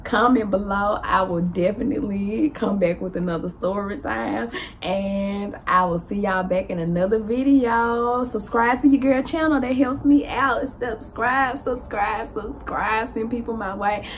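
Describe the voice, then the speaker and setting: Animated Southern woman telling a story. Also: a little slow, a little hiss or hum. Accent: Southern US (Memphis). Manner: lively, laughing, acts out dialogue with big pitch jumps.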